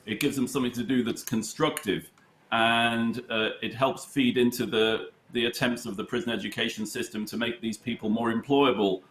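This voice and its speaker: A man's voice: mid-range voice, steady tone, moderate pace, a bit bright, slight background noise. British man telling stories, roomy sound. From United Kingdom. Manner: hesitant, many fillers and restarts, storytelling. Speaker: chess charity head, studio guest. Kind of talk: conversational interview answers. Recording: roomy echo.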